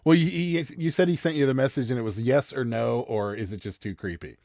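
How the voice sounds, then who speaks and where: A man's voice: medium pitch, a little fast, darkish tone, no room sound, clean studio sound. A man with a Pittsburgh accent, co-hosting a live stream in casual chat and greeting viewers by name. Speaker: co-host of a live selling stream.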